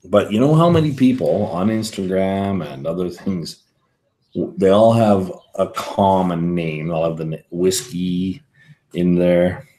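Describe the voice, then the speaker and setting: A man's voice: sits low, unhurried, dark tone. A man hosting a whisky livestream, rambling casually and answering viewer comments as he reads them. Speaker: whisky show host.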